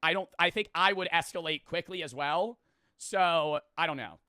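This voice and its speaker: Man, bright voice, dry close sound, rambling profane reaction chat, self-deprecating. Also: fairly high pitch, normal speed, smooth, dry recording. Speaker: reaction video host. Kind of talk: casual reaction commentary.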